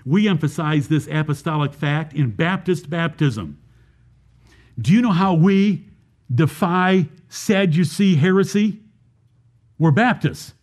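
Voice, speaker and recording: A high-pitched man preaching a Baptist sermon. He explains scripture verse by verse and keeps putting rhetorical questions to the congregation. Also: animated, takes it slowly, a little mellow.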